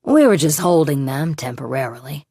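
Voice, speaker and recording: A woman reading the lines of a cruel male kidnapper in an audiobook, with a cold, mocking, softly menacing manner. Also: low voice, animated, normal speed, husky, no echo, clean studio sound, full character voice.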